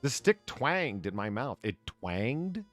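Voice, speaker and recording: A man's voice: mid-range voice, very animated, takes it slowly, dry recording, faint music behind. A man co-hosting a casual, crude comedy chat, sarcastically reading out news headlines. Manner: sarcastic, reads news headlines aloud mockingly. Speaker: podcast co-host.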